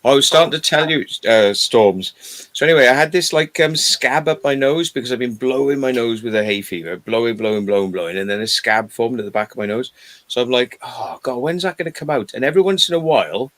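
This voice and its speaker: A man's voice: medium pitch, animated, a little fast, a bit bright. A man in casual chat, telling rambling stories and swearing freely.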